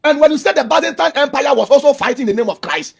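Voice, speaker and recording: A man's voice: very high voice, expressive, racing, vocal fry. A man, arguing emphatically and preachily in a heated religious debate and repeating his points. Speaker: Christian debater.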